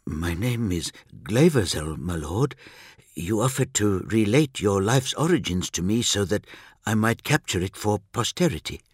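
A man's voice: fairly low pitch, expressive, measured pace, husky, no room sound, clean studio sound. A man voicing a nervous, scholarly male chronicler who speaks hesitantly and formally. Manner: hesitant and deferential.

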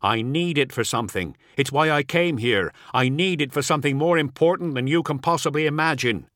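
A man's voice: on the high side, brisk, fairly bright tone, no room sound, clean studio sound, pitched above the performer's own voice, close to an everyday voice. A man voicing a determined, protective traveller who gives firm, urgent commands. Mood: insistent.

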